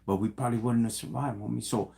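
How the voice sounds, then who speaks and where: Chicano man giving livestream shout-outs. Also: mid-range voice, steady tone, fast, creaky. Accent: Chicano English. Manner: slangy street talk, constant "homie" and "dog"; mixes Spanish words and phrases into English. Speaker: livestream host.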